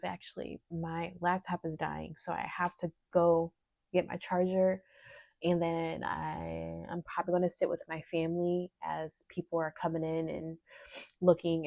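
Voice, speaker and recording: Teary, gravelly-voiced woman vlogging. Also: low-pitched, dry recording, muffled recording. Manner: emotional, teary, talks softly at times. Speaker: small business owner vlogger. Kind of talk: casual vlog talk to camera.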